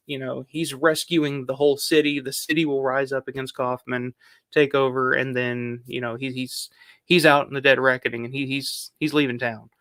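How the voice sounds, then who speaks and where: A man's voice: mid-range voice, fairly bright tone, no room sound, clean studio sound. A man hosting a film countdown video, talking casually and rambling with lots of fillers and the odd swear word. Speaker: film review channel host.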